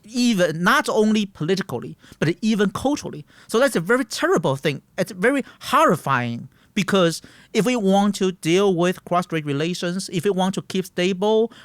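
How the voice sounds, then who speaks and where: A man's voice: high-pitched, animated, moderate pace, no echo. Earnest man in his thirties. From Taiwan. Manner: earnest, emphatic, searching for words. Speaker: guest. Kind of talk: interview answers.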